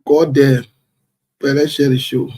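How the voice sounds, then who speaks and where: A man's voice: medium pitch, little pitch movement, unhurried, dark tone, breathy edge. A man hosting a casual live stream, playfully greeting viewers by name and chuckling as he goes. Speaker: livestream host.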